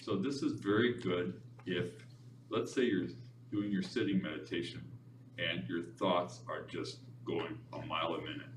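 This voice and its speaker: A man teaching a meditation class in a library room, talking in a relaxed, chatty way with easy laughs. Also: sits low, moderate pace. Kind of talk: informal class instruction. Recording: echoey room, distant mic, background noise.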